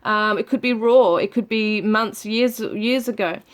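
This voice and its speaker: A woman giving a gentle tarot reading to her viewers, soft and soothing, with frequent fillers. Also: medium pitch, measured pace. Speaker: tarot reader.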